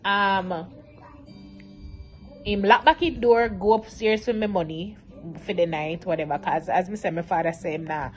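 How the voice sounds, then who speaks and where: A woman, telling a storytime vlog in an animated, emotional way. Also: on the low side, normal speed, soft background music. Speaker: vlogger.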